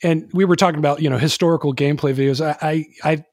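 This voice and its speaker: A podcast host races through a casual, rambling chat, leaning heavily on fillers. His fairly high voice stays steady yet darkish in tone, captured at studio quality without any room sound.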